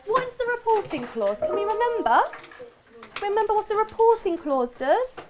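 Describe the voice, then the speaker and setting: Very high-voiced encouraging woman teacher. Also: very animated, heavy background noise. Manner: encouraging, brisk, full of praise. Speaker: primary school teacher. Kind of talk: classroom teaching. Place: classroom.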